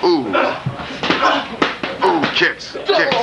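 A man doing profane, excited play-by-play of a backyard wrestling match while filming it, gasping and laughing. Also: a little high, slow pace, very noisy. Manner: swears often, loud gasps and laughs. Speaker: backyard wrestling commentator and cameraman.

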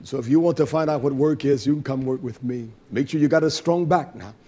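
A man preaching a fervent, scolding sermon, swinging between loud bursts and low murmurs and calling out hallelujah. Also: fairly quick, husky.

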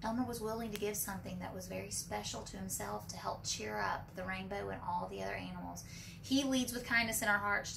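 A woman preschool teacher reading a picture book aloud to young children, animated for the character lines and asking the kids questions. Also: mid-range voice, creaky. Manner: asks children questions and calls them friends. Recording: distant from the mic with faint background noise.

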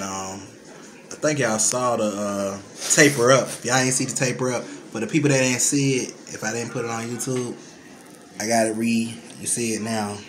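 A man vlogging casually to his followers from home, emotional and choked up, sighing heavily as he talks into his phone camera. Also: mid-range voice. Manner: emotional, choked up, heavy sighs. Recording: noticeable room noise.

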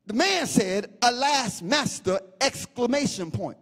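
A pastor preaching a sermon, swinging between sing-song chanting and shouts and repeating phrases for emphasis. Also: male voice, very high voice, lively intonation, a little slow, long reverb tail.

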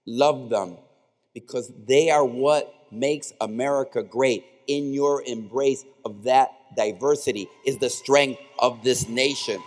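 A man's voice: medium pitch, a little slow. A man giving a commencement speech in a large indoor arena, speaking with impassioned, repetitive oratory into a podium microphone. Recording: echoey arena with long reverb.

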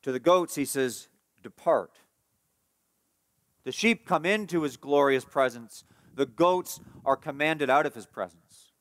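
A man preaching a sermon as pastor, emphatic and repetitive, dropping to a soft hush for tender passages and rising for key points. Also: normal speed, hardly any pauses, dry recording. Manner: emphatic preaching, repeats key phrases, rises in pitch and force when stressing points.

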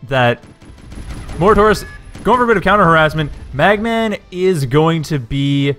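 A man casting a strategy game match with chatty play-by-play commentary, talking in a low morning voice after just waking up, often correcting himself and getting excited at the action. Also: normal speed, soft background music. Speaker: game caster.

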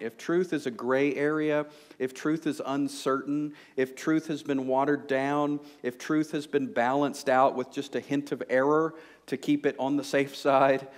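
A man preaching a sermon to a congregation, conversational and joking, with frequent fillers like "you know". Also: mid-range voice. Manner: conversational, humorous, lots of fillers. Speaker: pastor. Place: church sanctuary before a congregation.

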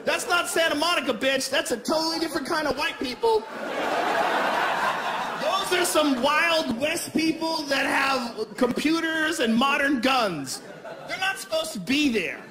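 High-pitched man doing stand-up, animated and loud, long hall reverb, crowd noise. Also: unhurried. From Boston. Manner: loud, animated, profane storytelling with acted-out voices. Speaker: stand-up comedian. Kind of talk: stand-up comedy routine. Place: comedy stage in front of a live audience. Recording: live club stage mic, long hall reverb, audience noise.

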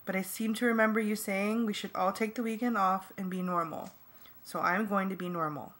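A woman voicing a calm, kind teenage girl in a soft, slightly raised voice. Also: medium pitch, brisk, lightly acted.

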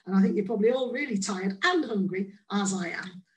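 An English woman giving a conference presentation, playful and lively, acting out the quoted voices in her examples. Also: medium pitch, brisk, slight background noise, low-quality recording. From England. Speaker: conference speaker.

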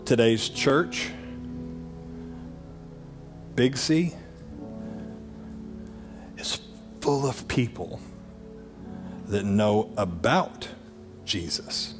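A man preaching a sermon as pastor, animated, swinging between loud bursts and low, intimate passages. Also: very slow, pauses often, faint music behind.

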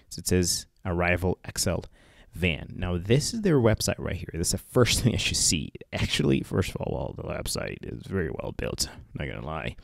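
Man from Africa, low gravelly voice, casual rambling tech vlog, faint music underneath. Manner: chatty, rambling, addresses viewers as guys. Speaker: tech vlogger. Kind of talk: casual screen-share commentary.

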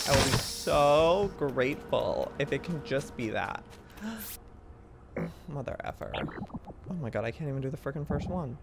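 A man's voice: medium pitch, animated, moderate pace, gravelly, background noise. A man in his thirties, chattering to himself while playing an online game. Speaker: gaming video host. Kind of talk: casual gameplay commentary.

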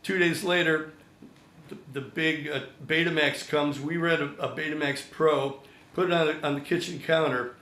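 An older man telling a long anecdote as a songwriter guest, acting out the quoted voices with lively energy. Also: a little high, normal speed. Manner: animated storyteller, acts out quotes. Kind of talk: storytelling anecdote. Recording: echoey room.

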